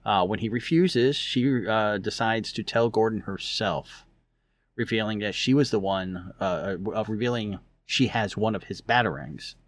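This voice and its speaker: Low-voiced man, dry close sound. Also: a little slow, no room sound. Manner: rambling, with many fillers and restarts. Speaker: podcast co-host. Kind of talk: casual chat recapping a story.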